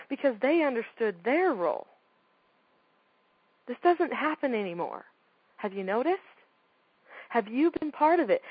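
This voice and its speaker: A woman's voice: a little high, no echo, lo-fi sound. A woman giving a talk on parenting, speaking emphatically and firing off rhetorical questions. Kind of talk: talk to an audience.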